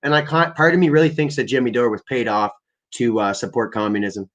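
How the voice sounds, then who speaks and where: A man's voice: mid-range voice, steady tone, a little fast, fairly bright tone. A young man hosting a livestream, ranting casually with lots of swearing and fillers. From Canada. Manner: rambling, profane, many fillers. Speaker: livestream host. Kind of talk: casual profane rant.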